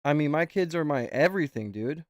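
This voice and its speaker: A man's voice: on the high side, lively intonation, a little fast, dry recording, dull audio. Male streamer, loose and profane, talks in circles, dry close mic. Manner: rambling, swears freely. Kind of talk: casual reaction chat.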